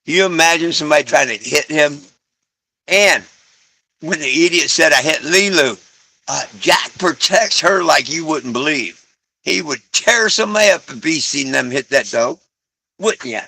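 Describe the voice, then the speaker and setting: A man's voice: animated, moderate pace, gravelly, no echo. A man chatting casually on a live stream from home, talking to viewers and cooing at his dogs. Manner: coos softly at his dogs in a lower voice.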